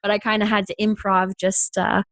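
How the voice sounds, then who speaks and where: A woman's voice: medium pitch, fairly quick, no room sound. Actress guest, young woman from New York, laughs through her stories, dry recording. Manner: giggly, animated storyteller. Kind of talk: casual interview chat.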